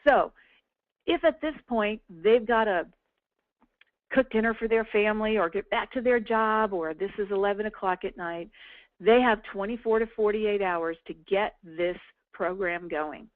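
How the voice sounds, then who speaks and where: In a casual webinar walkthrough, a woman team leader guides listeners through a business tool in a chatty, upbeat coaching style, often checking in with "okay?". Her medium-pitched voice moves at a moderate pace, and the dry recording sounds tinny and phone-like.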